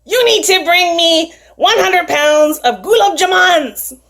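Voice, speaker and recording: A woman voicing a tiny, bossy male magical sprite who shouts his demands in a storybook tale. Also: very high-pitched, expressive, slow, pitched above the performer's own voice, heavily acted.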